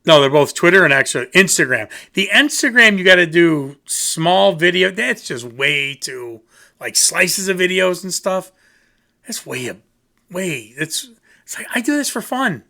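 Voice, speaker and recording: Man from the American Midwest, bright tone, slightly high voice, rambling goofy self-mocking review chat. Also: animated, unhurried, creaky. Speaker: music reviewer. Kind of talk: casual rambling video talk.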